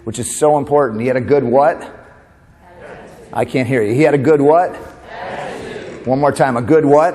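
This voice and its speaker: A man's voice: medium pitch, mellow. Chatty male keynote speaker in a big hall. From New York. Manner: conversational, asks the audience questions, tag "right?". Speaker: motivational speaker. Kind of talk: humorous motivational keynote. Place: large conference hall. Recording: long reverb of a conference hall.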